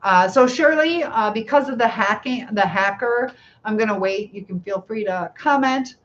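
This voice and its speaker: A woman's voice: fairly high pitch, normal speed, a bit bright, dull audio, slight background noise. Chatty middle-aged woman hosting a live chat. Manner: chatty, laughs often, reads viewer comments aloud. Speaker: live stream host. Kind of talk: casual live chat reading comments.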